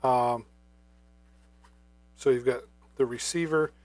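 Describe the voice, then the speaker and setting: A man's voice: medium pitch, fairly even intonation, slow. Chatty man hosting a live shopping demo. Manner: casual, chatty, many fillers. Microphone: wireless microphone.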